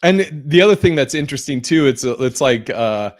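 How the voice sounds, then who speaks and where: A man's voice: medium pitch, expressive, a little fast, no echo, clean studio sound. A man hosting a podcast in casual chat, rambling with lots of fillers and casual swearing. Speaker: podcast host.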